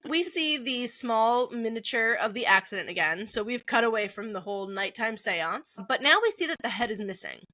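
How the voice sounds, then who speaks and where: Woman co-host, lively scene-by-scene recapper, bright tone, slightly higher voice, dry close sound. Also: normal speed, hardly any pauses, no echo. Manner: lively retelling, acts out characters' lines, swears freely. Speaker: podcast co-host. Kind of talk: casual film recap.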